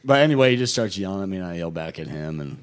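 A man's voice: sits low, lively intonation, racing. A young man telling boot camp stories in casual chat, rambling with fillers and frequent laughs. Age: young adult. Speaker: guest recounting boot camp.

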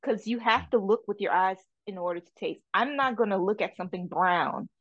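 In a dry recording with the highs cut off, an artist and caterer from French Saint Martin speaks fairly quickly as a guest in a casual interview. French is her first language and she has a Caribbean accent; her medium-pitched voice is animated and emphatic, peppered with "you know".

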